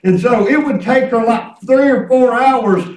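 High-voiced preacher in an echoey church. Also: male voice, a little slow, a little mellow, far from the mic. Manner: emphatic preaching with hallelujahs, drops to a low aside. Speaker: pastor. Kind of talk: sermon. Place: church sanctuary.

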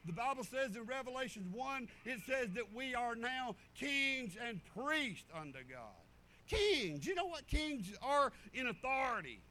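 A man's voice: very high-pitched, sing-song, a little slow, pushed and bright. A man, a pastor preaching a folksy sermon full of storytelling asides. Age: 50s.

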